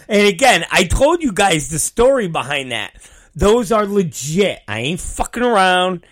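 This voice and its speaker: A man's voice: sits high, big pitch swings, unhurried, a bit bright. A man in a casual monologue, rambling and self-deprecating, swearing freely as he goes.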